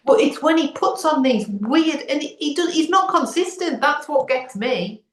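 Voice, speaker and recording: A woman's voice: high-pitched, lively intonation, normal speed. A woman co-hosting a podcast, chatting casually and checking in often with "do you know what I mean". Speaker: podcast co-host. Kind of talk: casual chat. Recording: roomy echo.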